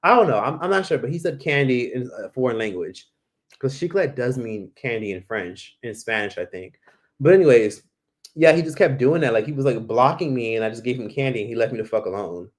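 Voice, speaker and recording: A man's voice: medium pitch, animated, fairly quick. A man hosting a casual live Q&A from home, rambling with lots of "like" and "literally" and acting out the people he quotes. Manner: rambling, fills talk with "like" and "literally"; acts out the voices of people he quotes. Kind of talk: casual livestream chat.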